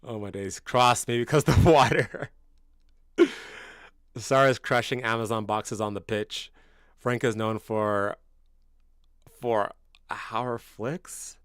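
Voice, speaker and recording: This Canadian man in his twenties streams as a football fan, chatting casually with viewers in a blunt, slangy way, calling everyone bro and swearing freely, and he gets loud and incredulous in bursts. His voice is fairly low and fairly even, taken slowly with long pauses, clear and resonant. The recording is dry with clean studio sound.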